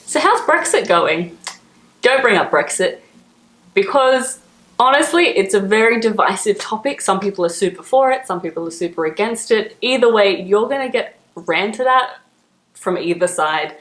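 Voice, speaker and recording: A young Australian woman chatting casually to camera as a vlogger, laughing often and filling pauses with "like". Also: medium pitch, lively intonation, fairly bright tone, roomy sound.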